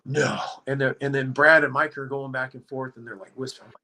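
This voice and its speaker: A man telling a story on a podcast, in a rambling, animated way, leaning hard on "like.". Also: medium pitch, fast talker, rough recording. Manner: rambling, animated, heavy use of "like". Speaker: podcast guest. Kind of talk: casual storytelling chat.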